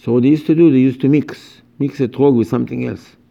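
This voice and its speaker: A man's voice: mid-range voice, fairly even intonation, fast talker, creaky, muffled recording. A man giving an informal religious lecture as a rabbi, speaking emphatically and animatedly in broken English with many repetitions.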